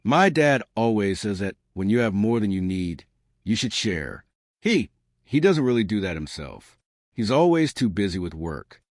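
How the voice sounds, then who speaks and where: Man doing a sincere eight-year-old boy, halting, low voice with lively pitch. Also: no echo, studio quality. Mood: earnest. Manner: earnest, halting.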